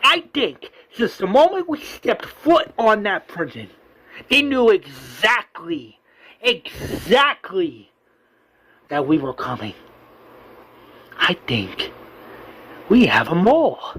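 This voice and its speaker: A man voicing a furious male militia leader who yells and swears. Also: high-pitched, animated, slow pace, pauses often. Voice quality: yelling, swearing.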